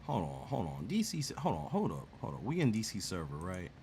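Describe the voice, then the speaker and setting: A man's voice: sits low, huge pitch swings, fairly quick, darkish tone, a little hiss or hum. A man hosting a casual gaming chat, talking in slang, teasing people and laughing often. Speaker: gaming channel host.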